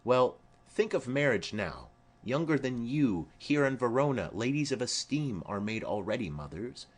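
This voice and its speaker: A man's voice: medium pitch, big pitch swings, moderate pace. A man voicing a stately noblewoman urging her daughter to marry, formal and persuasive, in an audiobook play reading.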